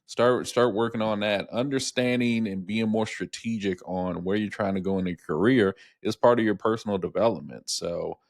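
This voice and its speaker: A man's voice: on the low side, moderate pace, few pauses, dry recording, clean studio sound. A middle-aged man co-hosting a casual podcast conversation, rambling through stories with repeated words and lots of "you know". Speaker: podcast co-host.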